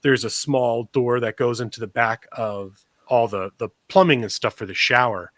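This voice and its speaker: A man co-hosts a casual podcast, telling a story that wanders. He laughs often and restarts his sentences. His voice sits at a middle pitch, recorded dry and close on the mic. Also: normal speed, a bit bright, dry recording. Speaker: podcast co-host.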